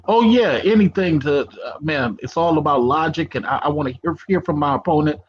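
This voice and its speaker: A man speaks politely in a debate, measured and respectful. His voice sits mid-range. The audio is a bit dull and muffled. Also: fairly high pitch. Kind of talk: online debate.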